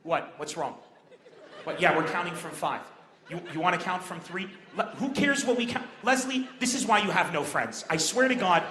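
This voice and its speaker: A man's voice: high voice, moderate pace, sharp tone. A man playing a bossy woman who snaps and bickers with her group. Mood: bossy irritated. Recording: echoey open-air stage.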